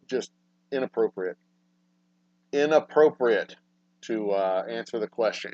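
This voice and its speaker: A man hosting a casual livestream talk show, swearing freely and swinging between low, mumbled asides and loud, exasperated rants. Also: a little slow, long pauses, no echo. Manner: profane, ranting, swings from mumbling to loud outbursts. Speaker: podcast host. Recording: dry, dull lo-fi sound.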